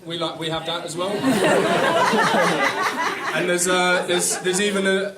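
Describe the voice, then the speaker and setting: A young English man doing a stand-up set, talking in a halting, filler-heavy way with dry asides. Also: high voice, animated. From England. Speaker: stand-up comedian. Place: small comedy club with live audience. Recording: echoey room, far mic, loud crowd noise. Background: audience laughter.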